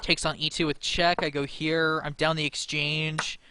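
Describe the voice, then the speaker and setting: A man's voice: on the high side, little pitch movement, moderate pace, pushed and bright, slight background noise. A young man talking himself through a chess game against the computer, anxious and laughing nervously at his own moves. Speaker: chess streamer. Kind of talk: live game commentary.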